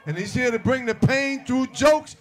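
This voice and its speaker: A man's voice: extremely high pitch, moderate pace. A man hosting a comedy show, hyping the crowd with crude banter.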